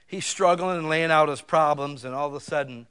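A man's voice: fairly high pitch, fairly quick, a bit bright, smooth. A man preaching a sermon in a folksy, conversational way, talking directly to his listeners with emphatic swells. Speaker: pastor.

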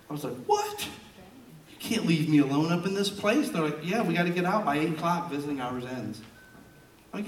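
A middle-aged man preaching a sermon in a large church auditorium, telling stories with loud bursts and hushed asides. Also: medium pitch, recorded from a distance, slight background noise. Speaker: pastor. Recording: roomy sound from off-mic in a hall.

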